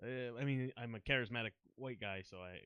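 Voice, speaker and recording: Young man, podcast guest. Animated, bright storyteller who acts out every quote. Dry, close sound. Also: mid-range voice, brisk, clear, resonant tone, no echo, highs cut off. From New Jersey. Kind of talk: casual chat, storytelling.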